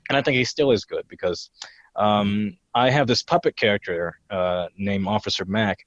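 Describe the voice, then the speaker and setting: A young man in his twenties talks in a low voice, hesitating often with "uh" and "um". The sound is slightly dull and very dry, like a home mic. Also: moderate pace, no room sound. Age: 20s. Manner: hesitant, many fillers, slips into character voices. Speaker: guest voice impressionist. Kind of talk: podcast interview.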